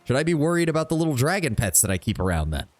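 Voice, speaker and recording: A man's voice: a little high, very animated, very fast, soft background music. A man casually commentating his game playthrough, blunt and chatty, swearing freely and reading dialogue choices aloud. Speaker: streamer. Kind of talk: casual let's-play commentary.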